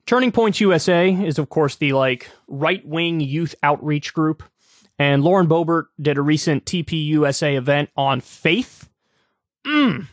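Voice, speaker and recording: A man hosting a political commentary show, talking casually with sarcastic, mocking, animated rants. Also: on the high side, a little slow, no echo, studio quality.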